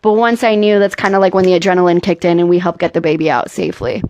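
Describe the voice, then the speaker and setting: A woman's voice: fairly low pitch, fast, a little mellow, muffled recording. A young woman, a nurse and comedian, talking in a casual comedic interview, playful and teasing with frequent laughs.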